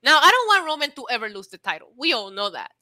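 Bright, emphatic woman trash-talking. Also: high-pitched, very animated, fast talker, dry recording. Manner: emphatic, mocking, repeats punchlines. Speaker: co-host. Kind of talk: casual wrestling chat.

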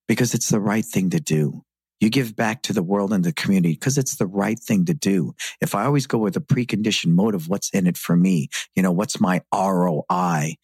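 Podcast guest: middle-aged man, low husky voice, earnest reflective storyteller, dry sound. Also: darkish tone, no echo. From San Francisco. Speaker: guest, martial arts school owner. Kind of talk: podcast interview.

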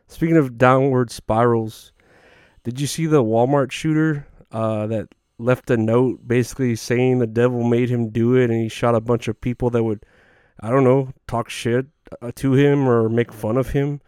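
A man's voice: medium pitch, fairly even intonation, normal speed, darkish tone, smooth, no echo, studio quality. A young man hosting a podcast, telling crude, self-deprecating comic stories in a rambling way. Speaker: podcast host. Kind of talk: rambling comedic monologue.

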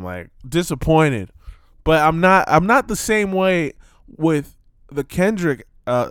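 Man, vlogger rant, smooth clear voice, dry close sound, loud outbursts. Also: on the high side, dry recording. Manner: animated, swearing, jumps between topics with loud outbursts. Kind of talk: casual ranting commentary.

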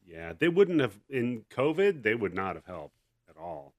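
Brief: male podcast host, lowish voice, crude joking banter, dry close sound. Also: sing-song, measured pace, no room sound. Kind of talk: casual podcast chat. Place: online chat room call.

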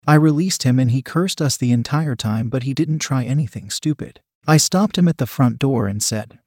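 A man narrates a first-person story in a steady, matter-of-fact voice. His pitch sits in the ordinary middle range. The recording is close and completely dry, with no room sound at all. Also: normal speed, hardly any pauses, no echo.

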